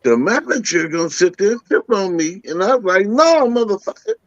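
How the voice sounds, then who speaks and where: A man's voice: high-pitched, lively intonation, fairly quick, dry recording. A man telling a profane, punchy story as a comedy panelist. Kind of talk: casual storytelling. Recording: dull dry mic.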